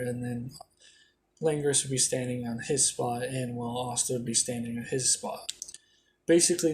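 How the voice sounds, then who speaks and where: A man's voice: mid-range voice, a little mellow, a little hiss or hum. A young man improvising a fan story in a rambling, casual way, full of fillers and swearing.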